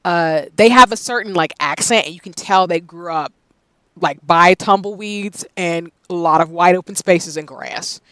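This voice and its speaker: Woman streamer, light Southern accent, animated casual chat; dry close sound. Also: fairly low pitch, moderate pace, dry recording, low-quality recording. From Southern United States, Tennessee. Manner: animated, laughs often, lots of "like" fillers.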